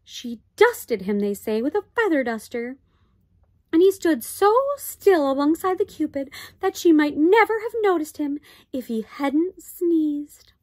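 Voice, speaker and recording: A woman's voice: high voice, animated, a little slow, pitched above the performer's own voice. A woman voicing an anxious, strict tiny borrower mother who talks sharply and fussily in a storybook reading. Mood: fussy. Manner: sharp, scolding, fussy.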